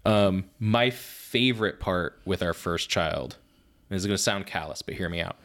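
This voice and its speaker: Low-voiced man telling lively stories. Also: moderate pace. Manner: animated storyteller, laughs at his own stories. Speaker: podcast co-host and father. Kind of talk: casual chat.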